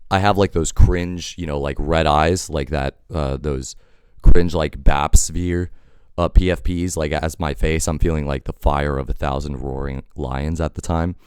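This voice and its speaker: Very deep-voiced man telling a rambling story. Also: fairly even intonation, moderate pace, hardly any pauses, darkish tone, clean tone, no echo, clean studio sound. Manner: rambling, filler-heavy, wry. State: sick. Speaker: storytelling vlogger. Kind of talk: casual storytime monologue.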